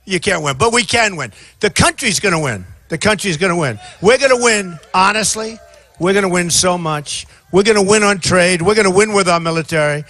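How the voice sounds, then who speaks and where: A man in his sixties giving an off-the-cuff campaign rally speech outdoors, rambling and repetitive, often shouting to a crowd. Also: high voice, lively intonation, a little fast, dry recording. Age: 60s. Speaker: presidential candidate.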